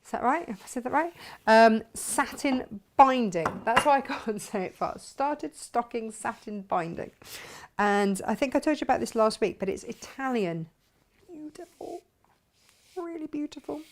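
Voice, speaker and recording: A woman's voice: fairly high pitch, normal speed, few pauses. A woman chats her way through a sewing project, narrating each step as she goes. She is casual and self-mocking, breaking off now and then as she concentrates. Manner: chatty, self-mocking, talks while working. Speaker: sewing vlogger and shop owner. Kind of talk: casual sewing tutorial chat.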